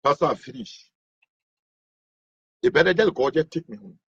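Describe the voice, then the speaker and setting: A man's voice: on the high side, lively intonation, moderate pace, a bit bright, breathy edge, dry recording, highs cut off, heavily acted. A man playing a desperate, broke man pleading with his pastor. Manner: pleading, weepy.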